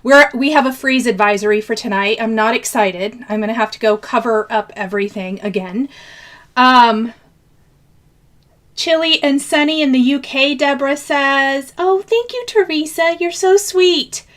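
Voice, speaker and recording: Chatty high-voiced woman hosting a live stream. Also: steady tone, moderate pace, a bit bright. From American Midwest. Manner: chatty, greets viewers by name, laughs often. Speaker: craft channel host. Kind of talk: live-stream chat with viewers.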